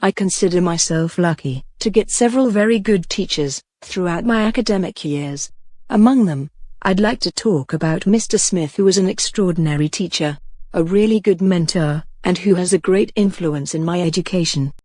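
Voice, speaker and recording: A speaker reading a scripted sample long answer as an exam candidate, in a steady, even recitation. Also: medium pitch, moderate pace, no echo.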